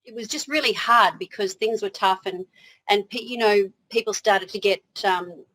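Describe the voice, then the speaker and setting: A woman's voice: mid-range voice, normal speed, fairly bright tone, low-quality recording. A woman with an Australian accent, a guest in an interview, telling her story in a chatty way, laughing easily and often restarting her sentences.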